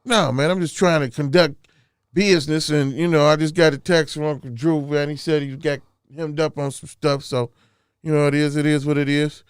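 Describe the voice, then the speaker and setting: A man hosting a casual comedy show, teasing his co-host and halting with frequent fillers. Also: fairly high pitch, steady tone, clean tone, no room sound, clean studio sound.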